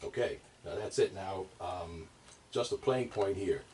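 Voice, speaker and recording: A man's voice: deep voice, measured pace, loud music behind the voice. Man teaching drums from a distance. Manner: loose, rambling, many fillers and restarts. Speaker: drum teacher. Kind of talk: casual instructional talk. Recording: distant mic, drums playing.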